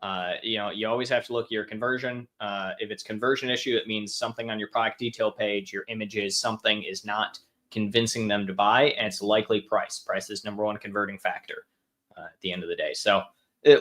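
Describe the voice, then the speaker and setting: Young guy on a live q&a stream, kinda low voice, rambly and casual, lots of ums. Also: a little fast, fairly bright tone. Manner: offhand, chatty, many fillers and restarts. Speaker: host answering viewer questions.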